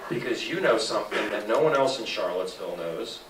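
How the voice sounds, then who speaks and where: Man pitching to a crowd in an echoey room. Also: a little fast, far from the mic, slight background noise. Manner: animated, salesy, asks the crowd questions. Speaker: presenter at a sales talk. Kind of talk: live presentation to an audience. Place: meeting room with an audience.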